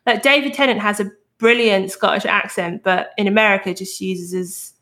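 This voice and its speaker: A woman hosting a true crime podcast, telling the story in a casual, animated way and swearing now and then. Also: medium pitch, normal speed.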